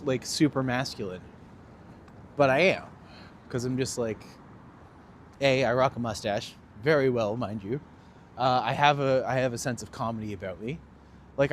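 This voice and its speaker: Traffic rumbles behind the handheld phone as a Canadian tour guide walks outdoors in the city, chatting casually on a live stream. He's animated and self-deprecating, speaking at a medium pitch.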